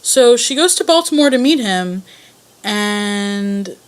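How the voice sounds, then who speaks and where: A woman's voice: medium pitch, expressive, slow, clean tone. A young woman casually answering a voice tag, telling rambling stories in a self-conscious way. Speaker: vlogger.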